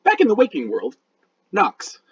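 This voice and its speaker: A man narrating a tabletop game as game master, in a slow, dramatic storytelling manner. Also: high-pitched, wildly swooping pitch, breathy edge, dull audio.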